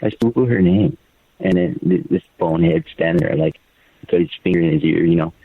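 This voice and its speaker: A deep, low older man comes through a narrow, tinny phone line. His voice is gravelly and husky, and he speaks in a halting, stumbling way, often repeating words. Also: no echo. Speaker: guest, father of the subject. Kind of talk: phone interview, personal account.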